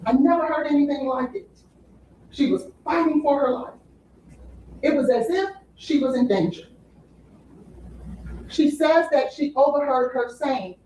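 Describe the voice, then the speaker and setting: A woman's voice: sits high, expressive, measured pace, long pauses, a little mellow, slight background noise. A woman giving a courtroom opening statement as defense attorney, with emphatic repetition to the jury. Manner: emphatic, repeating "you'll hear" to a jury. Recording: echoey courtroom audio from far off.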